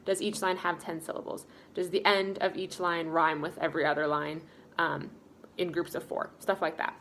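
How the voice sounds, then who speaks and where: A woman's voice: fairly low pitch, little pitch movement, moderate pace, a bit bright, a little hiss or hum. A young woman with an American accent teaching a class, upbeat and explaining step by step with frequent ums. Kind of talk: recorded class lesson.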